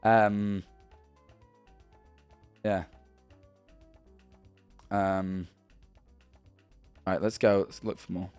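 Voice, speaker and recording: A man's voice: on the low side, flat delivery, extremely slow, pauses often, darkish tone, smooth, soft background music. A man in his twenties streaming from home, casually chatting and reading viewer messages in a rambling, stumbling way.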